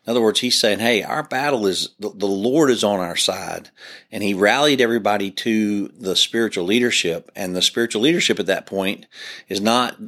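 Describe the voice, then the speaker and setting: Deep-voiced pastor talking on a podcast. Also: male voice, normal speed, fairly bright tone. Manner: earnest, preacherly, frequent restarts. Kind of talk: podcast discussion.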